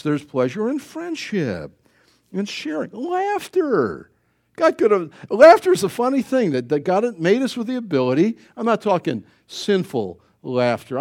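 Lively, animated male preacher. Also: high-pitched. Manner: animated, joking, acts out voices. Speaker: pastor. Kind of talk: sermon.

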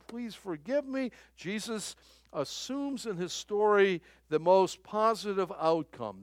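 Delivering a conversational sermon, a pastor speaks in a slightly high voice with no echo. He halts and repeats phrases, chuckling often as he goes.

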